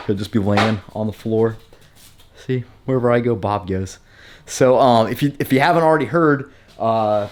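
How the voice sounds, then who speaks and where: A man's voice: fairly low pitch, a little mellow, slight background noise. A man chatting casually in his home welding shop, rambling with lots of fillers and restarts. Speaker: vlogger showing his shop. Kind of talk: casual vlog chat.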